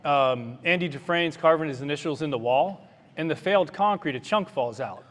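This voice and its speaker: This physician running for office addresses a meeting-hall crowd in an earnest, plainspoken campaign speech, now and then getting fiery. His voice is on the high side and a bit bright, at a moderate pace, and the recording carries a long hall reverb.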